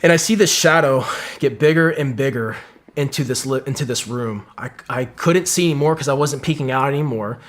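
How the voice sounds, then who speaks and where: Profane combat veteran telling a war story. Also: male voice, mid-range voice, fairly quick. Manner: intense, profane, storytelling with quoted dialogue. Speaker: guest.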